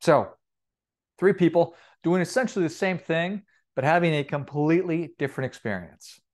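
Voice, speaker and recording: A man coaching on personal finance in an upbeat, energetic motivational talk, often repeating himself and restarting phrases. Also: fairly high pitch, brisk.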